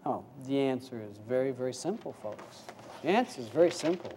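A man preaching an informal sermon with a mellow, warm tone. His delivery is folksy and conversational, full of rhetorical questions. He drops into hushed, low stretches and then rises to louder, livelier bursts. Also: animated, fairly quick, slight background noise. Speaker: spiritual teacher.

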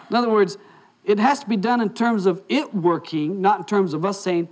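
Older man telling a story, fairly high voice. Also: steady tone, a little fast, slight background noise. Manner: anecdotal, acts out dialogue in quotes. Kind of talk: casual storytelling.

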